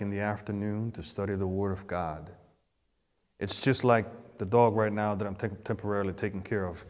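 A male pastor delivering a sermon at an unhurried pace, leaning into words. He rises to loud emphatic peaks, then drops to soft hushed asides. His voice carries a long reverb, as in a large hall. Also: medium pitch.

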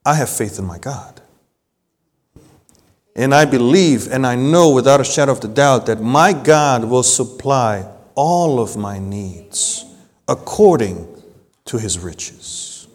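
A man preaching a sermon with an accent, slow and deliberate, and rising to emphatic peaks. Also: mid-range voice, slightly rough, long reverb tail. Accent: non-native English accent. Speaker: pastor.

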